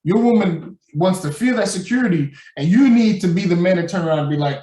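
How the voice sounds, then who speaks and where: On a casual podcast, a co-host with a high voice talks briskly with hardly any pauses, acting out quoted voices and laughing loudly in an animated way. He is recorded from a distance in an echoey room, a bit off mic.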